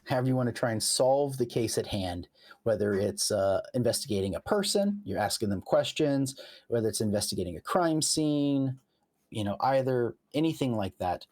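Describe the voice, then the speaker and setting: A game master explains tabletop game rules in casual chat, speaking in an animated, slightly mellow medium-pitched voice at normal speed. He walks through them step by step with examples, often restarting his sentences.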